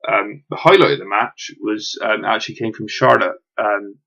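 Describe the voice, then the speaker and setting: Gravelly low-voiced man reviewing. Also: normal speed, bright, forceful tone. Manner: rambling, lots of fillers and restarts, enthusiastic. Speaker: wrestling show reviewer. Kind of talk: casual solo review. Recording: dull lo-fi home recording.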